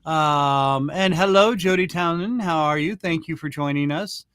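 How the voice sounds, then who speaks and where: A man's voice: fairly high pitch, a little slow, fairly bright tone, clean tone, no room sound. Guy hosting a chat show, lots of uhs, dry close sound. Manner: hesitant, many ums and restarts. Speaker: host. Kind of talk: casual talk show hosting.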